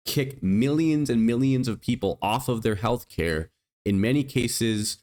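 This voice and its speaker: A man hosting a political commentary show, speaking with indignant emphasis and reading out statistics. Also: lowish voice. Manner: indignant, emphatic, reads out figures. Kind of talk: opinion commentary.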